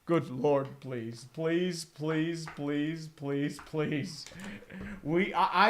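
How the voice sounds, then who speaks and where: A man's voice: a little high, slow pace. A man streaming casual football chat, rambling with melodramatic fan despair. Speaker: sports streamer.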